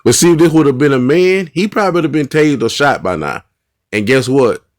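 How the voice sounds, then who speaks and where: A man's voice: mid-range voice, lively intonation, a little fast, dry recording, studio quality. A male host giving casual commentary on bodycam footage, earnest and repetitive, often restarting his sentences.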